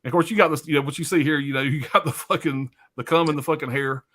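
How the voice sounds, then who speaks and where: A man's voice: on the high side, steady tone, fast talker, fairly bright tone. A man hosting a live stream, chatting casually about films in a loose, profane, rambling way full of fillers.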